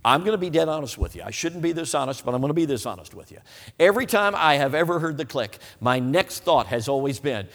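In a church hall with reverberant acoustics, a man delivers a humorous, folksy sermon. His voice is medium-pitched and brisk, and he tells stories animatedly, often asking the audience whether they know what he means.

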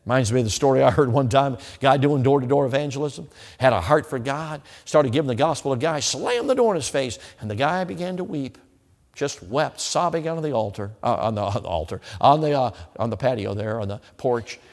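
Lively preacher man in a reverberant hall. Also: medium pitch, fairly quick. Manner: animated, folksy, laughs between points. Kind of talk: sermon. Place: church sanctuary. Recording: long reverb of a large hall.

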